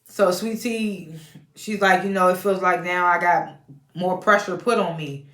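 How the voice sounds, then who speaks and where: A woman's voice: on the low side, steady tone, measured pace, a bit bright, echoey room. A woman casually recapping a reality show episode, chatty, laughing often and retelling scenes in quoted voices.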